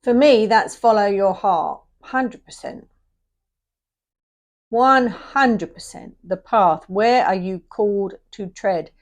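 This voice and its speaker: A woman's voice: medium pitch, measured pace, hardly any pauses, a little mellow. Chatty, rambling woman reading tarot. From England. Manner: chatty, rambling, loses her thread. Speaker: tarot reader. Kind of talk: casual tarot reading video.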